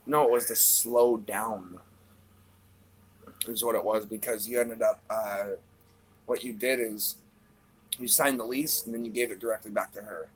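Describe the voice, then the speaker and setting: A man's voice: fairly low pitch, fairly even intonation, a little slow, long pauses, husky, rough recording. A man chatting casually on a livestream from his apartment, rambling with lots of "you know". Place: apartment indoors.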